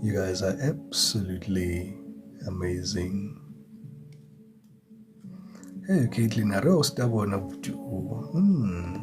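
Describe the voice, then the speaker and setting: A man's voice: sits low, slow pace, long pauses. A man giving a chatty live tarot reading, greeting viewers and chuckling often. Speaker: tarot reader. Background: music.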